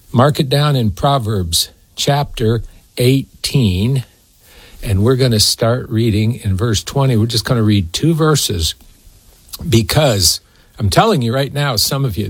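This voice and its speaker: A man's voice: medium pitch, breathy edge, no echo. A man preaching a sermon in a folksy, emphatic way, often turning to address a co-host by name.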